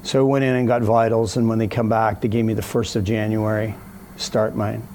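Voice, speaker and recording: A man telling a story in a casual interview, animated, acting out the other people's voices as he goes. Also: fairly low pitch, a little fast, a little hiss or hum.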